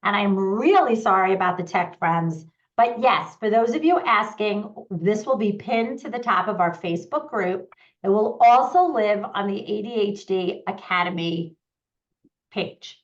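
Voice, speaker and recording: A woman hosting a live online conversation as a parenting coach, upbeat and eager, rattling off points in quick runs. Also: mid-range voice, dull audio.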